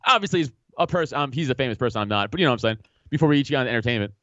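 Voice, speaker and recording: A man's voice: medium pitch, lively intonation, rapid-fire, a bit bright, no echo, dull audio. A man from Staten Island, telling profane stories in a casual chat and laughing often. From Staten Island, New York. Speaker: podcast guest.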